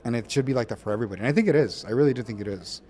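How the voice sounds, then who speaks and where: A man's voice: mid-range voice, very fast, slight background noise. Earnest man telling faith stories. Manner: earnest, storytelling, animated when quoting others. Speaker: podcast co-host and show producer. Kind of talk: casual faith conversation.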